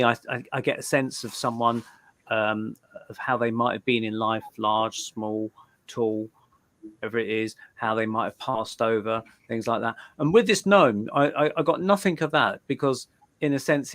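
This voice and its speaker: This is a medium-pitched, slightly bright male voice. He's a guest medium in a live interview, telling stories in a loose, chatty way and frequently repeating words at the start of his sentences.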